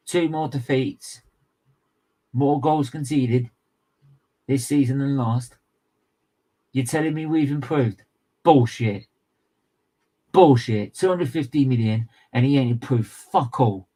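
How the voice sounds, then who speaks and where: A young man delivers an angry football rant. He speaks slowly and leans on every word, swearing often and repeating himself for emphasis. His voice sits at an ordinary middle pitch. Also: dark tone, low-quality recording. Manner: furious, sweary, emphatic and repetitive. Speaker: football fan channel co-host. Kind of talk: angry match reaction rant.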